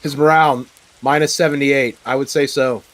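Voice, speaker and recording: Relaxed man thinking aloud while gaming. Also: medium pitch, normal speed, no room sound. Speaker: game player. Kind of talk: casual co-op gaming chat.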